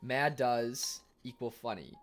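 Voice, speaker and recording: A man streaming live in a casual chat, reading viewers' messages aloud and answering them while he eats, quick to argue and defensive. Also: mid-range voice, soft background music.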